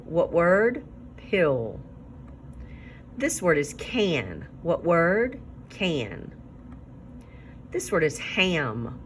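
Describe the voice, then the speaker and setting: A woman teacher giving a recorded reading lesson to young children, sounding out words slowly and clearly. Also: fairly low pitch, slight background noise.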